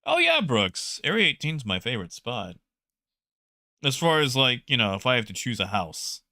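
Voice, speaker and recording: A man streaming a space game live, talking to his chat in an excitable way and often repeating himself. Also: medium pitch, moderate pace, no room sound, studio quality. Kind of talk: live gameplay commentary.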